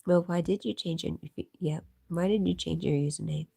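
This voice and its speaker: A woman's voice: fairly low pitch, normal speed, gravelly, warm tone, breathy edge. A woman hosting a casual livestream, chatting and reading viewer comments aloud, sometimes in a whisper. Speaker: livestream host.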